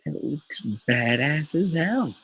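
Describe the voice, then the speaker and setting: A man's voice: a little high, animated, slow, a bit bright, slightly rough, low-quality recording. A man hosting a casual show, rambling and swearing freely as he chats. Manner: profane, rambling, laughs often. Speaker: show host.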